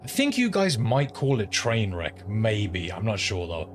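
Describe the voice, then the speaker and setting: A streamer talks in a low, rambling voice, swearing freely as he tells a story between game moments. A clear bed of background noise runs under his home streaming mic. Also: very animated, a little slow. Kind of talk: casual chat while gaming.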